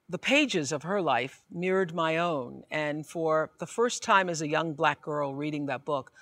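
A woman speaking in earnest, measured scripted narration about a mentor. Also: sits low, a bit bright, no room sound, clean studio sound. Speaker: admirer giving testimony.

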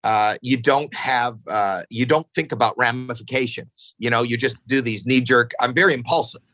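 A man in his sixties telling stories casually on a podcast, animated, jumping into acted-out quotes, swearing freely, often restarting his sentences. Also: moderate pace, dry recording, low-quality recording. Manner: animated, acts out quotes with jumps in pitch. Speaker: podcast guest. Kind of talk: casual storytelling chat.

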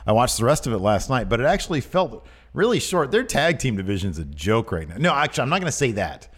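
A man's voice: mid-range voice, fast talker, slightly rough. A man co-hosting a podcast, chatting casually in a rambling, jokey way. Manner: rambling, animated, jokey asides. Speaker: podcast co-host.

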